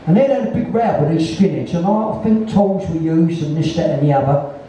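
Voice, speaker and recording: A man of about sixty with a London Cockney accent tells a rambling, foul-mouthed story. His voice sits high yet is deeply dark and mellow in tone. He is picked up from a distance in a very echoey venue, with a dull, muffled sound. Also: fairly quick, a little hiss or hum. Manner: blunt, heavy swearing, rambling tale-telling. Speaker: guest musician in an onstage conversation. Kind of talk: anecdotal storytelling. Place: live music venue, in front of an audience.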